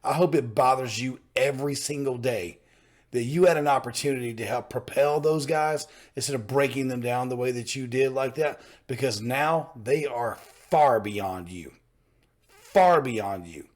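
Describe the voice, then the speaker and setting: A male reaction host talks straight to his viewers in a casual, heartfelt way. He is earnest and fired up, and he drives each point home by saying it again. His voice sits at an ordinary middle pitch. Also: moderate pace. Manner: earnest and fired up, repeats himself for emphasis.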